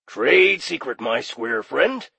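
A man doing a raspy, gravelly demon operator. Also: on the high side, big pitch swings, moderate pace, dry recording, pitched above the performer's own voice, heavily acted. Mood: chummy. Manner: chummy, breezy customer-service patter. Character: friendly raspy male demon phone operator. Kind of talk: audiobook character voice.

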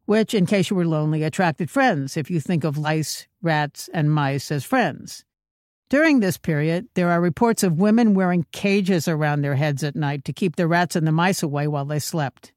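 A woman delivering scripted comedic narration with wry, sarcastic, deadpan asides. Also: low voice, no room sound, studio quality. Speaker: comedic host.

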